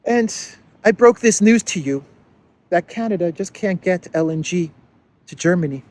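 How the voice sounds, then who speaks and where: A man doing a mocking impression of a sheepish, apologetic middle-aged male head of government who pleads softly. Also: high-pitched, lively intonation, moderate pace. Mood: pleading.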